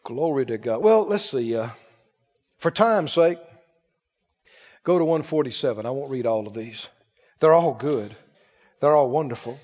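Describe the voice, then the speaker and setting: A man preaching a sermon, swinging from booming scripture reading to quiet, quick asides to the congregation. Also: lively intonation. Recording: muffled sound in a long reverberant hall.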